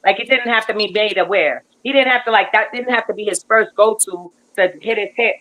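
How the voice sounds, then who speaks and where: A woman guest telling a long story in casual chat, animated and rambling, with lots of fillers and restarts. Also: mid-range voice, fairly quick, poor audio.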